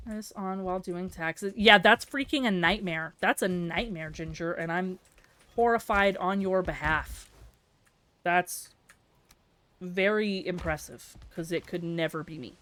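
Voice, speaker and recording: A woman live-streaming a game, chatting casually and playfully with her viewers and reacting out loud to the action. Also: on the low side, measured pace. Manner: chatty and playful, breaks into yelps and laughter. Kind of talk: casual live-stream chat while gaming.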